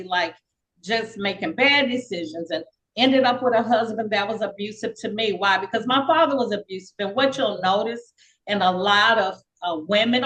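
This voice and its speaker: An older woman, a podcast guest, telling her life story in a casual, lively way and acting out the voices of people she quotes. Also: medium pitch, rough recording. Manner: lively, acts out quoted dialogue; frequent fillers and repeats.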